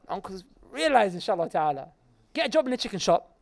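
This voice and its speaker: A man preaching a lively sermon to a live audience in an Islamic centre, joking with the crowd and addressing it directly. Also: sits high, fairly quick, vocal fry.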